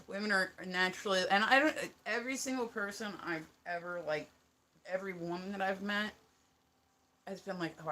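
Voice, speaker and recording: A woman's voice: medium pitch, pushed and bright. A woman with a New Jersey accent chatting casually on a livestream, rambling, laughing often and swearing casually. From United States. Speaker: live streamer. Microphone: phone.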